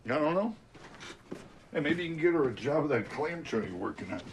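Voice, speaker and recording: An actor playing a gruff, blunt, middle-aged working-class father in a film drama. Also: fairly high pitch, very animated, brisk, slight background noise. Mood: bickering.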